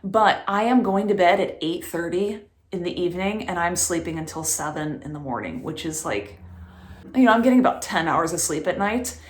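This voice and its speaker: A woman in her thirties chatting to camera in a vlog, telling stories quickly and laughing often. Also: fairly low pitch, expressive, echoey room. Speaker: vlogger. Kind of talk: casual chat to camera.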